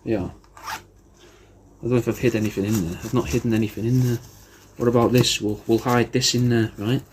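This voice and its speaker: A man rambles through a comedic roast, swearing freely and tacking "mate" onto nearly every line. His pitch sits in an ordinary middle range, and the delivery is loose, mock-insulting and unscripted. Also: fairly even intonation, brisk, a little mellow, slight background noise. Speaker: podcast host recording paid video messages.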